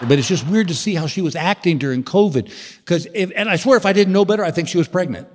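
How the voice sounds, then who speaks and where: A man's voice: sits high, animated, fast talker, a little hiss or hum. A man in his sixties doing a stand-up comedy set on stage, a drawling storyteller building to exasperated punchlines. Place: large theater stage. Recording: reverberant hall with faint ambience.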